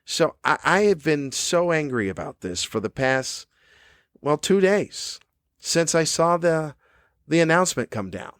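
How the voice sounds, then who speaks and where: A man's voice: fairly high pitch, big pitch swings, measured pace, fairly bright tone, no echo, studio quality. A man hosting his own podcast, a cranky comedian ranting angrily and swearing often. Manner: angry, profane, cranky. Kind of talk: ranting monologue. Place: cruise ship room.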